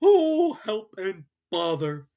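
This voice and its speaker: A narrator voicing a slow, plaintive, honey-loving bear in a storybook reading, drawn out and mournful. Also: medium pitch, sing-song, vocal fry, dark tone, lo-fi sound, voice pushed up, heavily acted.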